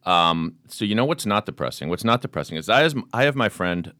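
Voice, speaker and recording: A man's voice: fairly low pitch, very animated, a little fast, pushed and bright, no room sound, clean studio sound. A man with a Boston accent hosting a podcast in casual, joking chat, rambling and swearing freely. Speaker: podcast host.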